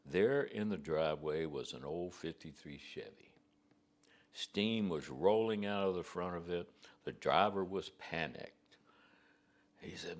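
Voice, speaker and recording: A man's voice: low voice, lively intonation, unhurried. A man preacher telling a story in a homespun, conversational way. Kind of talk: storytelling to a congregation.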